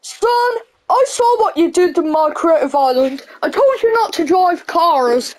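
A woman's voice: very high voice, lively intonation, unhurried. A woman voicing a stern, protective father in a game role-play, speaking firmly. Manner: firm, scolding.

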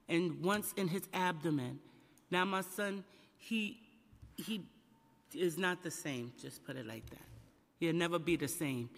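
A woman testifying at a council hearing about her son, emotional and close to tears, halting and repeating her questions. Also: on the low side. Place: large council chamber. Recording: long echo of a large hall.

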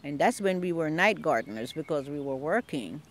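A woman's voice: sits low, a little fast, a little hiss or hum. An older woman and longtime community gardener, telling stories in a casual interview and acting out the voices she quotes, recorded outdoors in a garden. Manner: animated storyteller, acts out quoted voices.

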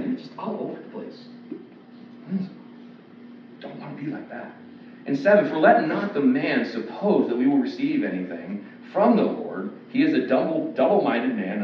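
A man preaches in a relaxed, conversational way and slips into quoted voices. His voice sits a little low and is picked up from a distance in a very echoey church. The sound is dull, with faint noise behind it. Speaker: pastor. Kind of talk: expository sermon. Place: church sanctuary.

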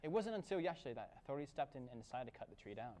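A young man anchoring a student parody newscast with deadpan comic delivery. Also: mid-range voice, very fast. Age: young adult. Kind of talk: mock newscast reading.

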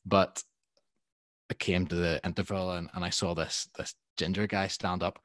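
A man, a guest musician telling animated anecdotes in a casual podcast chat, laughing often. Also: deep voice, moderate pace, dry recording.

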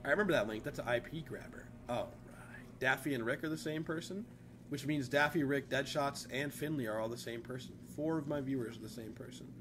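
A man's voice: mid-range voice, brisk, noisy background. A young man streaming live, chatting casually and profanely with his viewers. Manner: profane, animated, talks to chat.

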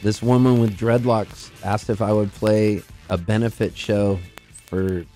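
Animated storytelling man in a radio studio. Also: on the low side, unhurried, soft background music, rough recording. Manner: rambling, animated anecdotes with bursts of laughter. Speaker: musician guest. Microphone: studio microphone.

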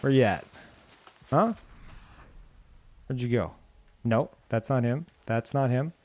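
Lively, excitable man streaming a game. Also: mid-range voice, slow. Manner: excitable, swears and exclaims at the game; talks to his chat. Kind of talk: live gameplay commentary.

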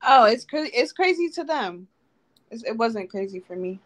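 A woman's voice: a little high, big pitch swings, moderate pace, a bit bright. A woman from New Jersey with a Jersey accent, a guest on a live dating stream who talks to callers in a blunt, teasing way. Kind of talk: casual live-stream chat.

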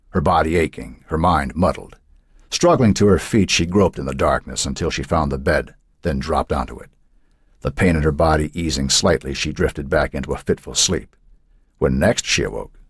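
A man narrating a horror novel in a measured, dramatic way. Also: a bass voice, husky, no room sound, studio quality. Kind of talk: audiobook narration.

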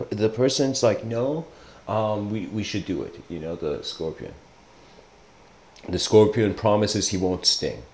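Man, casual lecture, rambling storyteller, lowish voice, echoey room. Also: a little mellow. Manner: rambling, with many fillers and restarts. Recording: roomy echo.

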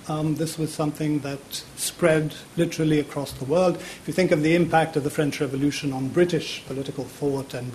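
Male lecturer in his fifties, fairly high voice, halting delivery with many fillers and repeats, public lecture in a university theatre. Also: darkish tone, a little hiss or hum.

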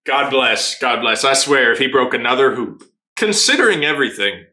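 Excitable man reacting, bright and lively. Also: medium pitch, normal speed. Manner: excitable, laughs often, swears freely. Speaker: anime reaction channel host. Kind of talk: casual reaction commentary. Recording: roomy echo.

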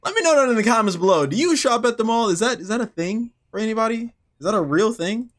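A man's voice: high-pitched, animated, fast talker. A young man giving joking, profane commentary while playing horror games, answering the characters on screen. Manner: joking, profane, talks back to the game. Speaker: gaming YouTuber. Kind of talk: let's-play commentary.

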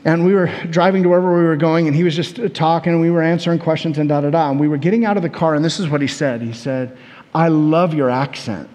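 American pastor preaching in a reverberant hall. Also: male voice, fairly high pitch, racing, hardly any pauses. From United States. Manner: conversational, animated storytelling with repetitions. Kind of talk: sermon.

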